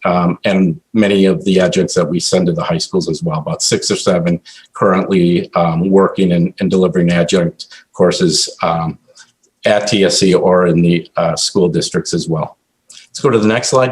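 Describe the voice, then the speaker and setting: A man presenting slides at a college board meeting, halting speech with many fillers and restarts. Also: low voice, low-quality recording.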